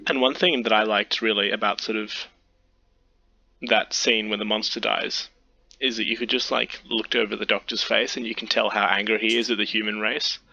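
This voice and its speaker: Casual male host, low and sharp-toned, rambling chat. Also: steady tone, moderate pace, gravelly, muffled recording. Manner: rambling, many fillers.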